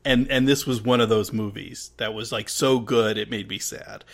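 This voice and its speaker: A man hosts a podcast in a casual, halting way, often stammering and restarting his sentences before closing with a friendly sign-off. His voice is lowish, gravelly and steady in tone.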